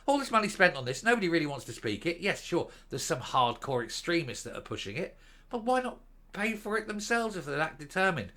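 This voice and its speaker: A man's voice: a little high, very animated, brisk, pushed and bright. A man hosting an opinion vlog, ranting in a scornful, indignant way and wandering off into tangents before returning to his point. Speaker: commentary vlog host. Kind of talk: opinion rant to camera.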